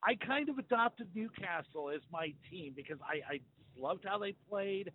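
A man's voice: high-pitched, animated, normal speed. An American man from the United States, a sports guest telling an earnest story and stumbling on repeated words. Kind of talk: remote interview chat. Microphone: phone. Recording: tinny phone line with faint noise.

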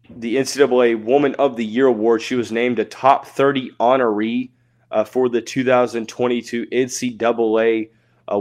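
A young man hosting a sports podcast, talking casually with many filler words and quick self-corrections. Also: mid-range voice, a little mellow. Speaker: podcast host.

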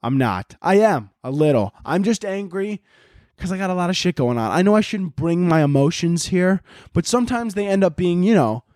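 Male podcast host, high and very animated voice, dry close sound, profane exasperated rants. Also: moderate pace, no room sound. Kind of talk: ranting comedic monologue.

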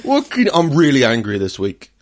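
A young man talks casually on a podcast, rambling with many restarts and laughs. His pitch moves lively. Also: moderate pace. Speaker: podcast co-host. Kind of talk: casual chat.

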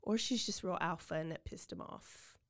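A woman's voice: lowish voice, moderate pace, creaky. A woman hosting a podcast, casually retelling a true-crime story with lots of fillers and acted-out quotes. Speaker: podcast host.

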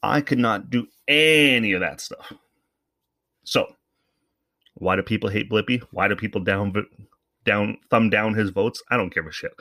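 A man's voice: fairly low pitch, unhurried, long pauses, pushed and bright, dry recording, clean studio sound. A man hosting a podcast, giving casual, rambling commentary in a sarcastic, profane way. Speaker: podcast host.

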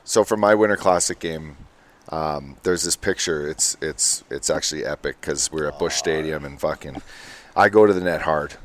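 Male podcast host, very low voice, easygoing rambling storyteller. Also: normal speed, fairly bright tone. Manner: laid-back, rambling storyteller. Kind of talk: casual chat.

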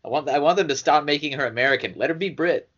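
A man's voice: on the high side, quick pace, fairly bright tone. A man in a casual chat, giving blunt opinions and the odd curse. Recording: dull lo-fi sound.

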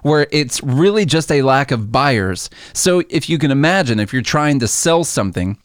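A man's voice: mid-range voice, animated, normal speed, no room sound, studio quality. A man co-hosting a casual podcast chat, patiently explaining how the stock market works with everyday comparisons.

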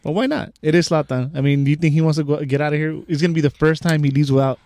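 A man's voice: on the high side, fairly even intonation, racing, a little mellow, no room sound. A man sitting in as a guest on a sports podcast, upbeat and optimistic. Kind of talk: casual sports chat.

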